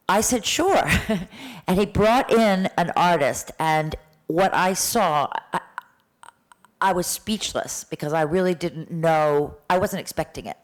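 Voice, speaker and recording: A woman's voice: low voice, poor audio. Chatty woman in her sixties. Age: 60s. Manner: chatty storytelling, many restarts and "like". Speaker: voice teacher giving a talk. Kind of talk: live symposium talk. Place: lecture room with an audience.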